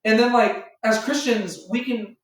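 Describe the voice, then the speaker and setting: In an unhurried, high-pitched voice with fairly even intonation, a man rambles through an informal Bible lesson for a small group. He uses plenty of fillers and does imagined voices. The recording sounds echoey and distant from the mic.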